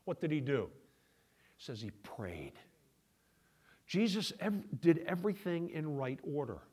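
A man's voice: on the high side, big pitch swings, measured pace, husky. Man preaching a conversational sermon. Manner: conversational preaching, shifting between quiet asides and raised emphasis. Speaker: pastor.

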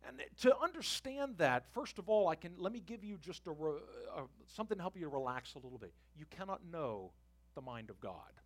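Male pastor, middle-aged, somewhat high voice, animated, conversational sermon delivery. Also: fairly quick. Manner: conversational preaching with asides to the congregation. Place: church sanctuary.

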